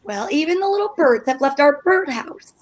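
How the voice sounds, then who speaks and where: A woman's voice: high-pitched, expressive, moderate pace, poor audio. A woman playing a melodramatic, fretful wife in an old-time radio play. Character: fretful wife Liz, dramatic and self-pitying. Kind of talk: 1940s radio acting.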